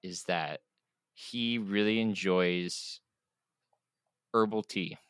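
A man's voice: deep voice, very slow, fairly bright tone, clean tone, no echo. A young man chatting on a podcast, rambling with hesitant asides. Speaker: podcast player. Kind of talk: casual chat.

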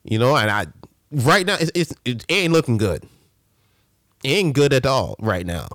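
A man hosting a casual sports rant, animated and full of slang and restarts. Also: medium pitch, moderate pace, no echo, clean studio sound. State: a little winded. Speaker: sports show host.

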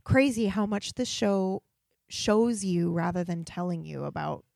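Woman co-host with a strong vocal fry. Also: fairly low pitch, unhurried, a little mellow, no echo, studio quality. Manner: chatty, retells scenes and acts out the lines. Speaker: podcast co-host. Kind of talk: casual TV recap chat.

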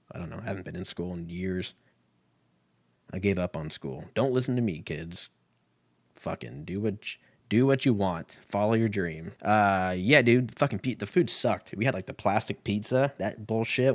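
A man's voice: deep voice, dry recording. A man in his thirties hosting a podcast, rambling alone in a crude, profane, self-mocking way that keeps drifting into tangents. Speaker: podcast host. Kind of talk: rambling casual monologue.

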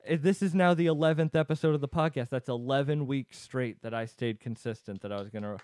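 A man's voice: medium pitch, brisk, a little mellow, dry recording, studio quality. A man hosting a self-help podcast, chatting frankly and casually with a guest, swearing and joking now and then. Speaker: podcast host.

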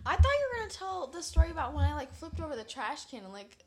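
Teen daughter co-host, bright high voice, playful and teasing. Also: female voice, big pitch swings, fast talker, a crowd in the background. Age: teens. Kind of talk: casual family chat.

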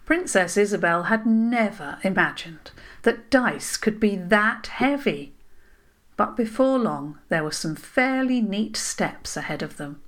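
A woman narrating a children's story in a gentle, unhurried way. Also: mid-range voice, expressive.

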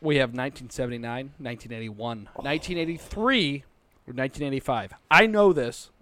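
A man's voice: medium pitch, a little fast, fairly bright tone. A man hosting a casual group chat, reading quiz questions aloud and reacting with laughter. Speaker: podcast host reading a quiz.

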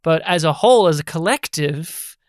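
Podcast co-host, casual film chat, animated and jokey, smooth clear voice, dry close sound. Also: medium pitch, normal speed, no room sound. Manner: animated, jokey, slips into mock impressions. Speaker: podcast co-host reviewing films.

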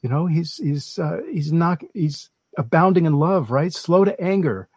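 A man in a casual religious discussion, animated and talking straight to the viewers. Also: fairly high pitch, a little slow, breathy edge, dry recording. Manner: animated, addresses viewers as folks.

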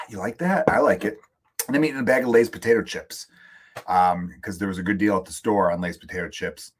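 Husky-voiced man ranting on his podcast. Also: on the low side, a little fast. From United States. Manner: profane, joking, rambling asides. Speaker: podcast host. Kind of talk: casual solo comedic rant. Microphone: studio microphone, close.

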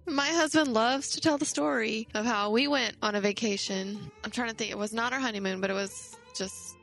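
A woman's voice: on the high side, fairly quick, creaky, a bit bright, soft background music, rough recording. A woman co-hosting a podcast, chatting casually in a candid, self-deprecating way. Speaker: podcast co-host. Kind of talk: casual chat.

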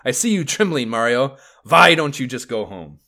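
A man's voice: mid-range voice, very animated, moderate pace, sharp tone, voice pushed up. A man voicing a boastful male villain prince of a turtle-like clan, with a put-on German accent and an arrogant, taunting manner.

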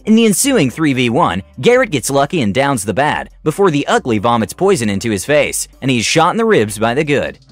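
A man narrating a scripted tabletop game story in an animated way, putting on voices for characters. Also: mid-range voice, fairly quick, hardly any pauses, no echo, faint music behind.

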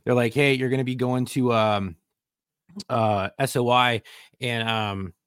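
A man's voice: mid-range voice, fairly even intonation, unhurried, a bit bright, smooth, dry recording, clean studio sound. A man co-hosting a podcast, chatting bluntly and profanely about his own service. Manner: blunt, profane, laughs along. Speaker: podcast co-host, veteran. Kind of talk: casual chat. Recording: noticeable background noise.

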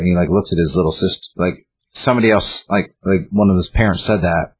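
Low husky man rambling through a retelling. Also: fast, hardly any pauses. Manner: rambling, many "like" fillers and restarts. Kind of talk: casual chat retelling a comic.

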